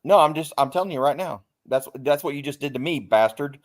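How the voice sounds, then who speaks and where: A man's voice: on the high side, animated, a little fast. A man, a livestream panelist chatting casually, rambling and joking and swearing freely. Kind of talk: casual stream chat.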